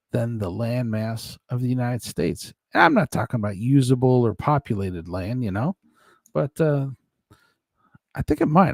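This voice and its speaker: A man's voice: medium pitch, vocal fry, a little mellow, slightly rough, dry recording, studio quality. A man hosting a casual live stream, rambling and chuckling as he talks to his chat by name.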